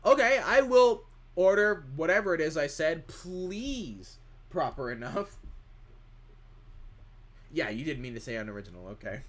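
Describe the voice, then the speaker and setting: A man's voice: on the high side, big pitch swings, fairly quick, a bit bright. A man streaming live, chatting casually in a rambling way as he reads chat questions aloud and answers them.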